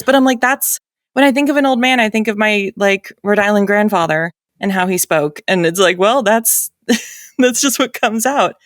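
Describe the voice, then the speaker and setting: A woman's voice: mid-range voice, fairly quick, no room sound, clean studio sound. A woman audiobook narrator from New England with a light New England accent, chatting casually on a panel with many fillers and frequent laughs.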